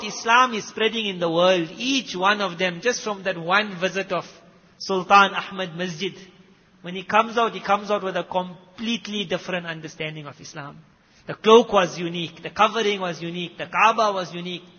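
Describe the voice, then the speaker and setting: South African male preacher, emphatic storyteller; sharp tone in a reverberant, dull-sounding hall. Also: sits high, slightly rough. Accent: South African Indian English. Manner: emphatic, rising and dropping loudness. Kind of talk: sermon storytelling. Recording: muffled recording with long hall echo.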